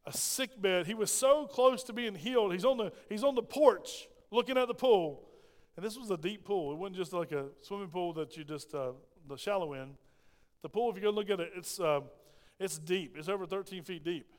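Male pastor, high-pitched, emphatic sermon with questions to the crowd, echoing church hall. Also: normal speed. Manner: emphatic preaching with rhetorical questions to the congregation. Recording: long reverb of a large hall.

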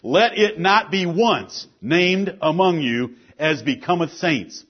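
A man's voice: animated, takes it slowly. A man preaching a sermon as pastor, reading scripture and explaining it to his congregation with strong emphasis. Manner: preaching with rising emphasis, then dropping to a low, quiet delivery. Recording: dull lo-fi church recording.

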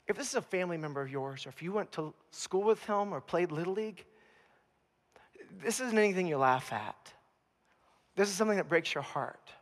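A man preaching a sermon as pastor, telling the story with humor and animated asides. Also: high-pitched, a little fast, pauses often, big-room sound. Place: church.

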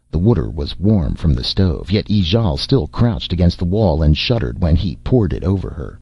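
A man narrating a novel as an audiobook reader, with an expressive, varied delivery. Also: low-pitched, moderate pace, vocal fry, few pauses, slightly rough, dry recording. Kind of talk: scripted narration. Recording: dull, dry lo-fi recording.

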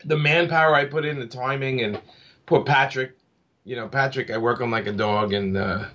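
A man's voice: mid-range voice, steady tone, normal speed, sharp tone. Rambling man on dull lo-fi audio. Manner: rambling, full of restarts and fillers. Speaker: comic book creator guest. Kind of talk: casual interview chat.

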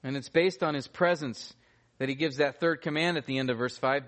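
A man's voice: mid-range voice, a little fast, a bit bright. A man preaching a sermon as pastor, emphatic and repeating key phrases for weight.

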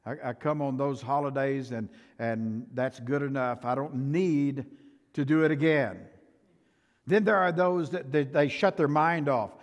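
A man's voice: mid-range voice, unhurried. Older man preaching in a reverberant hall. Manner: emphatic, swings from loud to soft. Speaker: pastor. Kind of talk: sermon. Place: church sanctuary.

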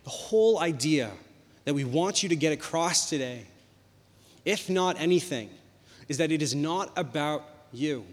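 A young man preaching a sermon, telling a personal story in a lively, conversational way. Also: fairly high pitch, normal speed. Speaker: pastor. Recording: long hall reverb.

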